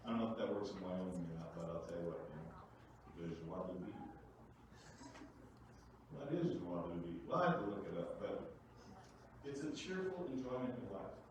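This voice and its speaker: A man giving a lively, conversational presentation to a room of parents, with big swings in loudness. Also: deep voice, normal speed, long pauses, noisy background. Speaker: workshop presenter. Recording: echoey room from far off.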